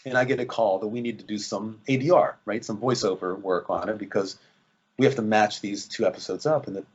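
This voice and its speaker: A man's voice: on the low side, brisk, slightly rough, dull audio. A man, an actor, casually telling a story from his career and acting out the dialogue in it. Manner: storytelling, acts out quoted dialogue. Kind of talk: casual anecdote.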